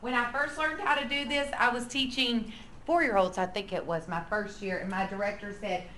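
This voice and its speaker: A woman leading a lively, playful workshop for church preschool teachers. She acts out quotes and drops to a whisper to draw the room in. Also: medium pitch, moderate pace. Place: large hall with an audience. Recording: echoey room with faint noise.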